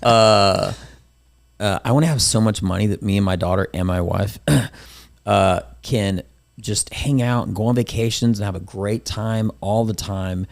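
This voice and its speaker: A man's voice: fairly low pitch, steady tone, measured pace, creaky. A man hosting a casual interview podcast, talking in a rambling, motivational way with many restarts. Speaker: podcast host and comedian.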